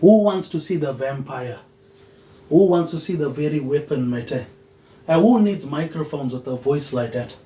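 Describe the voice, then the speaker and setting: A man hosting a solo podcast, rambling loosely with "um" pauses and dropping a low, quiet "mate" at the end of his phrases. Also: lively intonation, echoey room, poor audio. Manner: drifting, loosely connected talk with "um" pauses. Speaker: podcast host.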